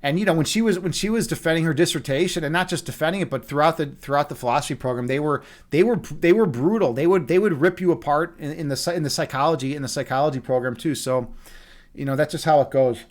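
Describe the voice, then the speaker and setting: Excitable, foul-mouthed man hosting a stream. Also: fairly high pitch, fast. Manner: excitable, swears often, repeats himself. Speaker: livestream host. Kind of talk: casual livestream chat.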